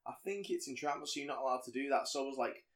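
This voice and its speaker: A man talks through a film plot with a friend, loose and chatty. He keeps slipping into character voices for the lines he quotes, and his everyday voice sits at a medium pitch. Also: racing. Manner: animated storyteller, acts out quotes in voices. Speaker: podcast co-host. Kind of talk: casual chat recapping a film.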